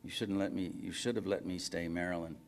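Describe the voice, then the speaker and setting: An author reading fiction aloud, voicing a tired, reluctant woman who works a phone-sex line, in a flat manner. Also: low-pitched, fairly quick. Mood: weary.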